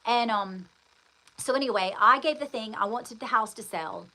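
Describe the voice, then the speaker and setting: A woman with a bright, clear voice chats her way through a personal story, rambling and circling back as she goes. She talks straight to her listener, calling them darling, in an easy, conversational way. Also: a little high, normal speed, low-quality recording. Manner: chatty, rambling, addresses the listener directly with endearments. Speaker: host. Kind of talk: casual storytelling chat.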